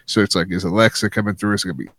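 A man co-hosting a casual wrestling chat podcast, explaining his points in an earnest, steady way. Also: low voice, racing, dry recording. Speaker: podcast co-host.

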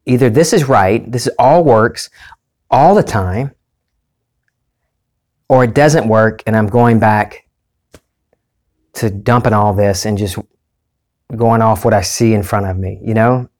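A man's voice: lowish voice, slow pace, pauses often, a little mellow. A man giving a candid personal monologue as a self-help speaker, earnest and confessional, rambling with restarts.

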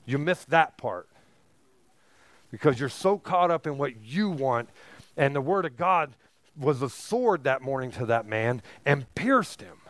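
A man preaching a sermon as pastor, emphatic, building to forceful peaks on key phrases. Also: medium pitch, animated, a little slow, no echo.

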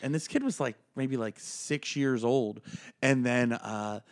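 A man's voice: mid-range voice, a little slow. Crude young anecdote-telling podcast guy. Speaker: podcast co-host. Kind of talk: casual comedic chat.

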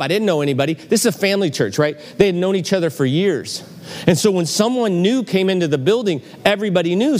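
A man preaching a sermon in a church, telling a story and acting out the voices in it. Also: fairly high pitch. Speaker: pastor. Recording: church hall reverb, faint ambience.

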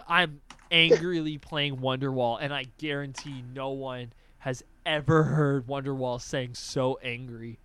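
A young adult man hosting a casual podcast chat, telling animated stories and swearing freely. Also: on the high side, unhurried, hardly any pauses, clear, resonant tone, no echo. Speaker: podcast host.

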